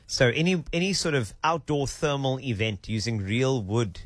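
A man's voice: mid-range voice, lively intonation, no echo. Playful South African man, dry studio. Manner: playful, mock-official, drawn-out emphasis. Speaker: radio breakfast show host. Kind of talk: casual on-air banter.

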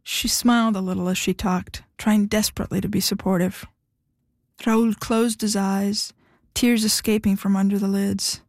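A woman narrating a story in a steady, even reading voice. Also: medium pitch, moderate pace, dry recording, studio quality. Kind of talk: audiobook narration.

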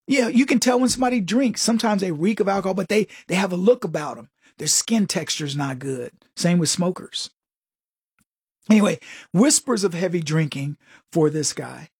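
Sarcastic male commentator with a husky voice. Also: high voice, expressive, moderate pace, a little mellow, no echo, clean studio sound. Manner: sarcastic, mocking, conversational. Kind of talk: political commentary monologue.

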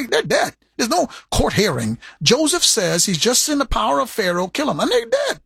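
Male preacher, raspy gravel in the voice, animated delivery that keeps repeating words for emphasis. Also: no room sound. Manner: animated preaching with sharp swings in pitch and pace. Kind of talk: sermon.

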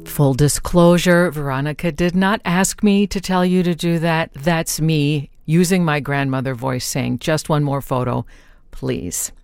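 A classical radio host introducing music and listener shout-outs in a brisk, friendly, chatty way from a studio. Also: mid-range voice, clean tone. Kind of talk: casual radio hosting.

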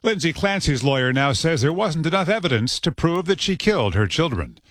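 A male network news anchor reading a radio newscast with a crisp, measured delivery. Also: a little high, sing-song, dry recording, studio quality.

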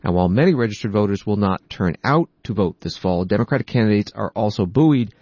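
A man reading scripted news narration in a measured, formal way as a news anchor. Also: on the low side, animated, a little mellow, no echo, highs cut off.

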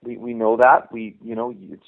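A middle-aged man, a youth hockey coach, telling his story in an animated, casual way as an interview guest. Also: mid-range voice, moderate pace. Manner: animated, voices quoted dialogue. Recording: phone-like narrow band.

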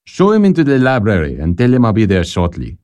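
An actor playing a brisk, commanding older father in a radio drama. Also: fairly low pitch, wildly swooping pitch, a little mellow, dry recording, highs cut off. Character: brisk aristocratic father, commanding yet curious.

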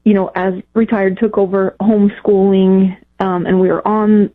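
A woman calling in to a radio advice show, talking in a halting, emotional way with many pauses and fillers. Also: medium pitch, level tone. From Texas, United States. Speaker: caller. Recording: phone-line call.

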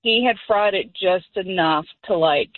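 A woman's voice: mid-range voice, a little slow, no room sound, narrow, tinny audio. A middle-aged woman calling in to a radio show, telling a story with lots of laughter. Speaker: caller. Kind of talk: casual storytelling on a call-in show.

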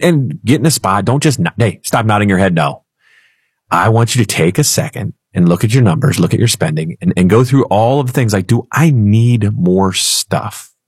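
A man's voice: on the low side, darkish tone, breathy edge, no room sound, clean studio sound. A man co-hosting a financial radio show, chatting in a playful, storytelling way. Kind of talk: casual talk radio chat.

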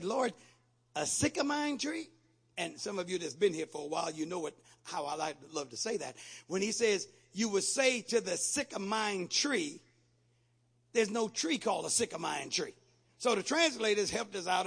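A man preaching a sermon to his congregation, repeating phrases, asking the crowd questions and shouting out lines. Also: sits high, vocal fry, husky. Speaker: pastor.

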